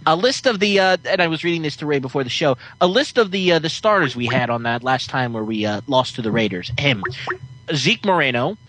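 A man's voice: fairly high pitch, expressive, brisk, bright, forceful tone, a little hiss or hum, low-quality recording. A man hosting a sports podcast, chatting casually and teasing callers. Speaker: podcast host.

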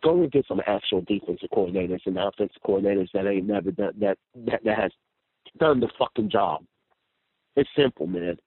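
A man's voice: on the low side, lively intonation, a little fast, husky, dry recording. A man calling into a radio show, sick and ranting angrily, repeating himself. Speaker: caller. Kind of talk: phone-in rant. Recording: tinny phone line.

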